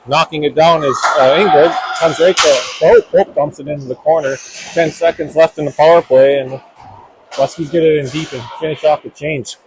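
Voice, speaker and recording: A man calling a high school hockey game play by play, talking in a quick running flow and correcting names as he goes. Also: background noise. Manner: rapid running description with self-corrections. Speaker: play-by-play announcer. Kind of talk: live hockey commentary. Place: ice rink.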